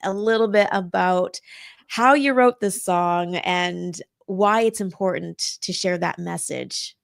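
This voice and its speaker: A woman's voice: lowish voice, takes it slowly, gravelly, clean tone, no echo, clean studio sound. A woman hosting a casual interview, asking questions in an upbeat, friendly way with a few fillers. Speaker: interview host.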